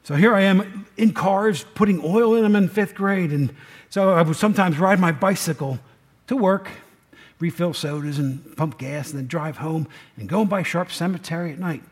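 A man's voice: high voice, normal speed, breathy edge. A man, preaching a folksy sermon and asking the congregation questions. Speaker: pastor.

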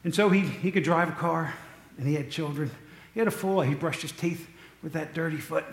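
A man delivering a relaxed, chatty sermon in a somewhat higher voice, tossing jokey asides to the congregation. His voice rings out in an echoey room, as from a church hall. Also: fairly quick. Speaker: pastor. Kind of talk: casual sermon.

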